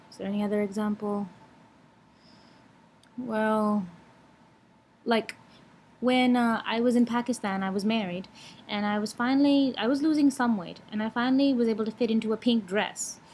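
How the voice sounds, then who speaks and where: A woman's voice: medium pitch, a little mellow, slight background noise. A young woman vlogging in a blunt, frank way, swearing freely while she lectures and gives advice. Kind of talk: casual vlog talk.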